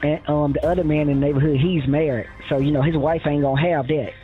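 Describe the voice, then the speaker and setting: Man, interviewee fairly high voice, rambling, full of fillers and restarts, heard over a tinny phone line with faint music. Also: fairly even intonation, fast. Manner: rambling, quotes others, many fillers and restarts. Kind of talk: telling his story in a phone interview.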